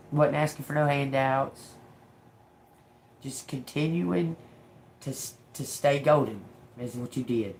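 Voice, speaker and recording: A woman's voice: a bass voice, slight background noise. A woman giving a live-streamed tarot reading, emotional and blunt, swearing freely. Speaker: tarot reader.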